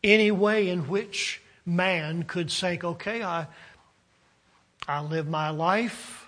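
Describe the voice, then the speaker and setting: A man delivers a sermon at an unhurried, measured pace. His voice sits fairly high, climbing on the points he stresses and sinking quiet at the end of phrases. He often stalls with uh's and restarts as he works through the thought. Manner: slow, deliberate preaching with rising emphasis and trailing drops; halting restarts with frequent uh's. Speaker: preacher.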